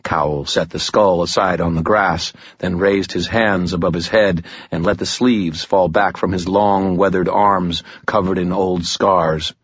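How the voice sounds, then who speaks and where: Man, audiobook narrator, first-person fantasy, tense measured telling, husky voice, dry dull sound. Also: low voice, fairly even intonation, dry recording.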